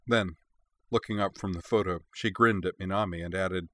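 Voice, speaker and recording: Casting: male storyteller, low voice, steady descriptive reading, dry close sound. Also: normal speed, no room sound. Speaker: narrator. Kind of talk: read-aloud fan fiction narration.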